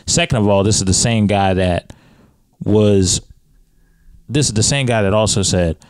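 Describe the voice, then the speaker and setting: Low-voiced male podcast host. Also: moderate pace, clear, resonant tone, no echo. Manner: leads with questions, rising pitch when pressing a point. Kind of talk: casual podcast conversation.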